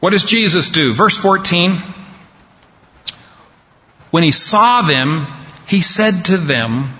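A man delivers a sermon at an unhurried, deliberate pace, letting pauses land. His voice is bright and a little high. The sound is muffled and dull, with a long reverb trailing off through a large hall. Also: lively intonation. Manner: slow, deliberate preaching with dramatic pauses. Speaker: preacher.

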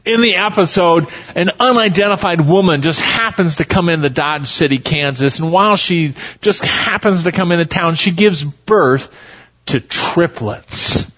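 A man's voice: on the high side, a little slow, a bit bright, lo-fi sound. A male pastor preaching a sermon in a folksy, storytelling way.

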